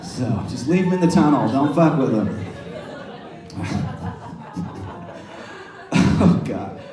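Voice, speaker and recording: Male comic, profane rambling storyteller with a lively, swooping delivery, picked up from across an echoey bar with the crowd laughing. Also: on the high side, slow pace, recorded from a distance. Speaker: stand-up comedian. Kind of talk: stand-up comedy set.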